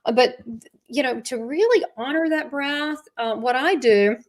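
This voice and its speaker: A woman's voice: sits high, measured pace. Chatty woman telling stories. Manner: chatty storyteller with frequent fillers and restarts. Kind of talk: casual conversation.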